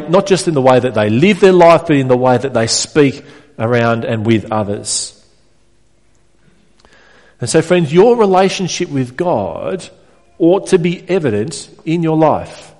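A man's voice: a little high, a little mellow. Earnest male pastor preaching in a church hall. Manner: earnest, asks the congregation rhetorical questions. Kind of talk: sermon.

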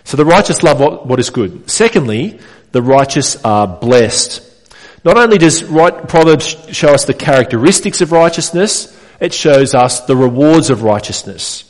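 A man's voice: medium pitch, expressive, normal speed. A man preaching a sermon to his congregation, earnest and direct, often putting questions to his listeners. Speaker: pastor. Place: church hall. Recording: reverberant church hall.

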